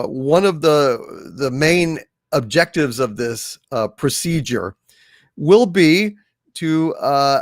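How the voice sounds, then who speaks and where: Man, indignant rant, sweeping pitch, slightly high voice, dry sound. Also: no echo. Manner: indignant, emphatic, restarts often. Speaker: co-host of a pop culture talk show. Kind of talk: casual live-stream commentary.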